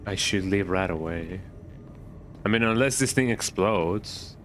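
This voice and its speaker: A man's voice: deep voice, measured pace, fairly bright tone, a little hiss or hum. A man streaming a horror game, thinking aloud in a chatty, playful way and often tagging remarks with "eh?". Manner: thinks aloud, repeats words in silly riffs. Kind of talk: casual gaming commentary.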